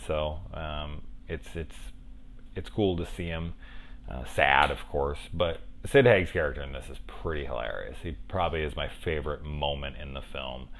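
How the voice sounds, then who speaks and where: A man's voice: very deep voice, normal speed, a bit bright. A middle-aged man casually reviewing a horror film, rambling into profane, chatty asides.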